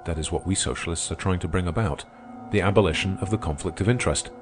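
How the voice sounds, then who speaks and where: A man reading aloud, voicing a confident male debater who speaks gravely and matter-of-factly in an audiobook. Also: deep voice, fast talker, music in the background, lightly acted. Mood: assured. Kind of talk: audiobook character voice.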